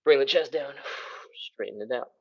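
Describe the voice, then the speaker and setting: A man's voice: medium pitch, moderate pace, gravelly, slightly rough, highs cut off. Upbeat man coaching a stretch class. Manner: upbeat coaching, counting reps aloud, breathing audibly while stretching. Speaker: stretching instructor. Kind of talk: live workout instruction.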